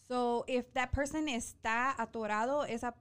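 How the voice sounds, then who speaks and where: A woman in her early thirties chatting casually as a co-host, calm and practical, mixing Spanish into English. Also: a little high, normal speed, clear, resonant tone. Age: early 30s. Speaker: podcast co-host. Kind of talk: casual chat.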